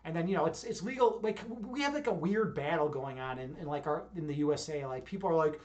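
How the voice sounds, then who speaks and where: A man's voice: a little high, expressive, fast, highs cut off. A young man from Chicago with a Chicago accent, chatting casually on a livestream and rambling with lots of restarts. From Chicago, USA. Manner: rambling, many restarts and fillers. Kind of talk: casual stream chat.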